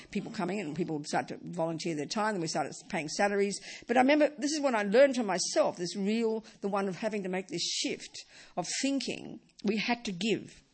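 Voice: medium pitch, breathy edge. A middle-aged Buddhist teacher giving a dharma talk, emphatic and repeating key phrases.

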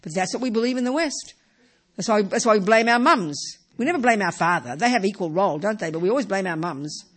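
A woman's voice: medium pitch, lively intonation, fast, breathy edge. A woman teaching a Buddhist lesson in an informal, emphatic way, often tossing in rhetorical tag questions and "you know" asides. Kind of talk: informal dharma talk.

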